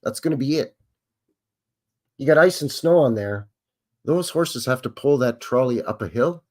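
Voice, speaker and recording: A man's voice: medium pitch, animated, moderate pace. A middle-aged man hosting a livestream, rambling casually and greeting viewers from the chat by name. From Canada. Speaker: livestream host. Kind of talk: casual live commentary over old footage.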